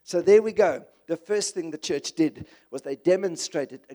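Male preacher, high voice, impassioned conversational sermon delivery. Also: normal speed, warm tone.

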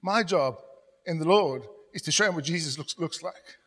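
A middle-aged man preaching a sermon as pastor, telling stories and dropping to a soft, confessional tone when he quotes himself. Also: fairly high pitch, normal speed. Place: church hall. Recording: long church hall reverb.

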